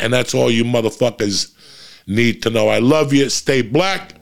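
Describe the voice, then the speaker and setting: On his podcast, a gravelly-voiced middle-aged comedian rants with blunt profanity to motivate listeners. He keeps a medium pitch and normal speed.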